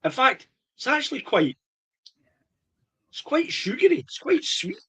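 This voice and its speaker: A man's voice: very high-pitched, very animated, unhurried, a bit bright. A middle-aged man with a Scottish accent, chatting enthusiastically during a whisky tasting. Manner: chatty, laughs often, enthusiastic. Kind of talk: casual tasting chat.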